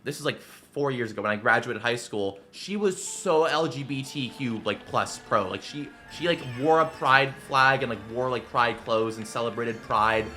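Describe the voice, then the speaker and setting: A man's voice: mid-range voice, moderate pace, hardly any pauses, faint music behind. A man in his twenties, a streamer telling stories in a rambling, casual way full of fillers while he plays a game. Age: 20s. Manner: rambling, filler-heavy, animated. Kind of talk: casual storytelling while gaming.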